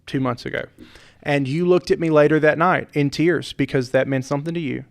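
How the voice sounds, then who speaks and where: A middle-aged man, a pastor who hosts a podcast, speaks earnestly in a heartfelt conversation, repeating his points with a preacher's emphasis. His voice sits on the high side and is creaky, with fairly even intonation and a slightly quick pace.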